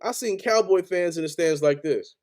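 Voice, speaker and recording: A man's voice: high voice, normal speed, a little mellow. A man hosting a sports podcast, angrily ranting as a frustrated fan in heated, profane, repetitive bursts. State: angry. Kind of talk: angry fan rant on a live stream.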